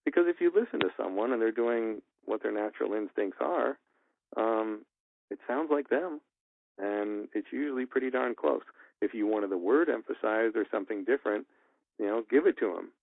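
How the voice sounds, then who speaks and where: A man's voice: lowish voice, moderate pace. A man who works as a voice actor and engineer, giving casual advice in a rambling storytelling way with many restarts. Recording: tinny phone-like dry sound.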